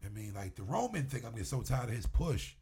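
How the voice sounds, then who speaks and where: Husky-voiced man, a lively talker. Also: medium pitch, fast. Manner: animated storyteller, swears freely. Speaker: wrestling promoter, guest. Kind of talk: casual interview chat.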